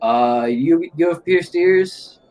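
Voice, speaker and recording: A man voicing a chaotic, hug-happy male arcanist with a Boston accent and a booming, boisterous way of talking. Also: takes it slowly, darkish tone. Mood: cheerful.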